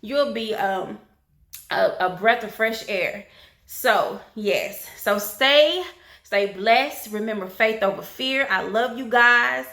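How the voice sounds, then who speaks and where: A woman delivers an emphatic, preachy pep talk, hammering her points with repetition. Her voice sits a little high. The room adds a noticeable echo. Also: slow pace, bright, forceful tone. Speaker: Christian encouragement vlogger. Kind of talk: casual inspirational pep talk.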